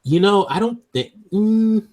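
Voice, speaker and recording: A man's voice: high-pitched, animated, a little slow, a little mellow. A man hosting a movie review show in casual chat, laughing often, swearing freely and searching for words.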